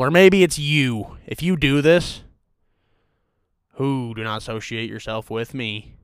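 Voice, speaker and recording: Profane deadpan man ranting. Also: medium pitch, unhurried, clean tone, no echo, studio quality. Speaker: host of a rant show. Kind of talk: comedic rant.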